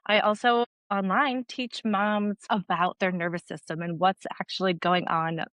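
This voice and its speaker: A woman's voice: medium pitch, flat delivery, a little slow, a bit bright, dry recording. A woman in her thirties, a nurse guest on a podcast, telling her personal story earnestly with lots of "like" fillers. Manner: earnest, heavy use of "like" as filler. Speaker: guest, registered nurse and mom educator.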